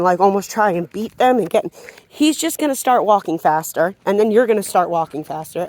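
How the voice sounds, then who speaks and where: A woman's voice: medium pitch, a little mellow. A woman dog trainer explaining leash work outdoors in a casual, chatty way. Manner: casual, explanatory, talking to a dog between points. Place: outdoors on a walk.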